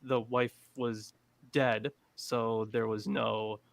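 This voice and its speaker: A man's voice: medium pitch, little pitch movement, slow pace, creaky, a little hiss or hum. A man on a casual online panel, talking hesitantly with many fillers as he searches for the right words over a video call. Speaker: panel guest.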